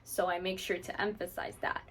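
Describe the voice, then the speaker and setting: There's background noise as this channel host, a parrot owner, chats to the camera about her methods. She speaks a little fast in a lowish, flat voice, and "like" turns up constantly.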